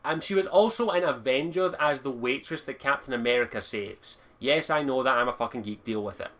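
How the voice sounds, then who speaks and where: A man's voice: medium pitch, a little fast, fairly bright tone. A young man giving a casual game review, enthusiastic, swearing freely and rambling a little as he talks. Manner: rambling with stumbles.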